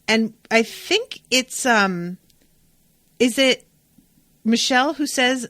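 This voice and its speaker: A woman hosting a podcast, recapping an episode in a casual, animated, profane and digressive way. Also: fairly high pitch, slow pace, no echo. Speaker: podcast host.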